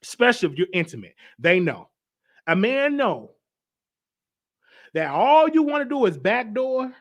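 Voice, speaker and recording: A man hosting his own live show in a loose, casual way. His voice sits high for a man and swings widely in pitch as he presses his points. He often repeats himself and reads comments aloud. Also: sing-song, measured pace, a bit bright. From United States. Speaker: host.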